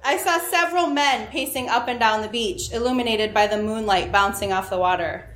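A woman's voice: a little high, a little fast, roomy sound, noisy background. A woman telling a personal story to an audience, wry and self-mocking, often laughing at her own lines.

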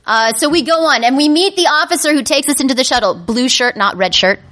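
A woman telling a comedic personal story to a live audience, animated and self-mocking. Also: high voice, fairly quick. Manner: animated, self-mocking, breaks into panicked inner voices.

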